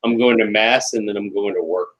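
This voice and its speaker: A man's voice: lowish voice, a little fast, a bit bright, low-quality recording. An American man co-hosting a casual podcast, laughing often, retelling scenes with put-on voices and swearing bluntly. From United States. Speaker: podcast co-host.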